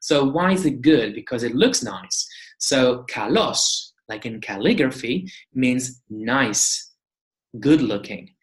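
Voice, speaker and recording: A woman's voice: extremely low pitch, expressive, slow. A woman teaching a beginner language lesson, saying each word several times and explaining it patiently. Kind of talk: slow beginner lesson with repeated drills. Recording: echoey room.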